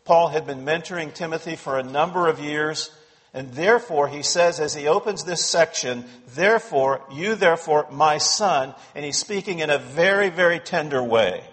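Pastor, male, slightly high voice, emphatic expository preaching, reverberant sanctuary. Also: normal speed, fairly bright tone. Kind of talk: sermon. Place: church sanctuary.

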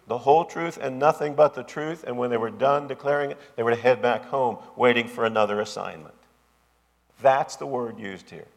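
Gravelly preacher in a big reverberant hall. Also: male voice, mid-range voice. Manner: emphatic, repetitive preaching cadence. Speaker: pastor. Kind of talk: sermon.

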